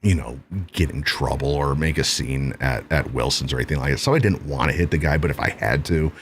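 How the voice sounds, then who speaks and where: Deep-voiced man telling a profane story. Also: a little fast, a little hiss or hum. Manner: profane, animated anecdote-telling. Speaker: talk show host. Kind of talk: casual storytelling.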